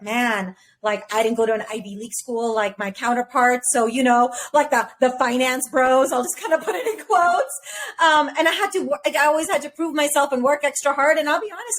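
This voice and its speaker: Chatty woman host, slightly high voice. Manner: chatty, candid, filler-heavy. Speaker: podcast host. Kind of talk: casual interview chat.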